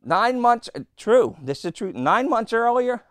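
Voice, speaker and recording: A man's voice: extremely high pitch, very animated, moderate pace, few pauses, dry recording. A man preaching a sermon, telling anecdotes with rhetorical questions and acted-out quotes.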